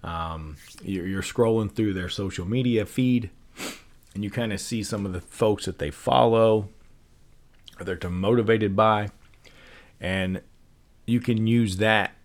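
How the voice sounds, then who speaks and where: A man with a very low voice talks through ideas in a relaxed, unscripted podcast monologue. His delivery is loose and conversational, full of fillers and little restarts. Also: unhurried, long pauses. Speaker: podcast host. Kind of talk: casual explanatory podcast monologue.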